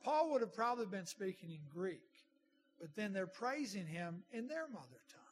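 A man's voice: high voice, sing-song, normal speed, a little hiss or hum. A middle-aged man preaching a sermon in a conversational way, with asides to the congregation. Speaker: pastor.

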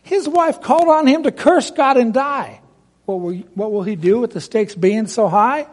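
A man's voice: very high voice, normal speed. A man reciting a rhymed Bible story expressively, asking listeners direct questions.

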